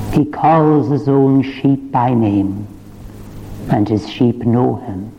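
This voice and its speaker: Slow, impassioned preacher man in a hall. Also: on the low side, dark tone, a little hiss or hum. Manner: impassioned, rising to fervent climaxes. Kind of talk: sermon. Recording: dull reverberant church recording.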